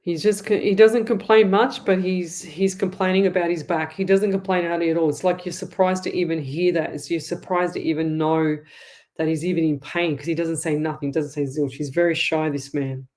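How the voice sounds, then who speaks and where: Australian woman, middle-aged, lower-pitched; rambling, repetitive live-reading host. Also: fairly even intonation, normal speed, a little mellow. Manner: chatty, rambling, repeats herself. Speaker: psychic medium host.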